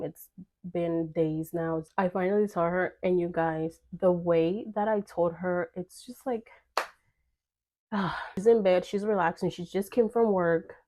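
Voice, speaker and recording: A woman's voice: on the low side, mellow. A young woman telling a personal story in casual vlog chat, full of fillers and quoted dialogue. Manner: chatty, filler-heavy, acts out quoted dialogue.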